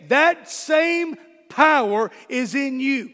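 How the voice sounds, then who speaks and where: A man's voice: extremely high pitch, lively intonation, a little slow, fairly bright tone, in a large hall. A man preaching a sermon as pastor, emphatic and repeating key words for stress.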